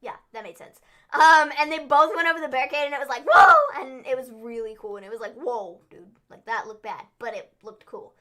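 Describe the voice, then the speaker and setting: A woman's voice: high-pitched, quick pace, bright, forceful tone. A young woman co-hosting a casual livestream recap, talking chattily with lots of fillers and acting out quotes in silly voices. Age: young adult. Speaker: wrestling show co-host.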